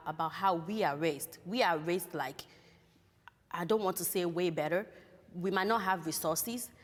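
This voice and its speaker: A woman from Africa with an African accent, talking earnestly and in measured terms in a podcast-style conversation. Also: fairly low pitch, long reverb tail. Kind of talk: reflective conversation.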